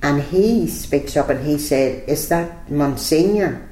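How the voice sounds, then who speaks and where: A woman's voice: low voice, slow, mellow. An older woman, reminiscing casually in an interview and retelling old conversations in a chatty storytelling manner. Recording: roomy echo.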